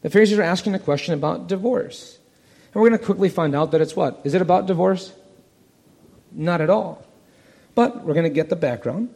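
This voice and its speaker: Male preacher, a bit high-pitched, animated storyteller, roomy hall reverb. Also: brisk, gravelly, pauses often, slightly rough. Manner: animated, acts out the parable's voices. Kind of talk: expository sermon.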